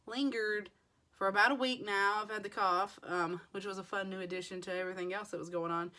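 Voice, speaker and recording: Woman, hoarse, beauty vlogger, casual rambling haul chat, mid pitch. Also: steady tone, brisk, bright, forceful tone. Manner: chatty, rambling with many fillers.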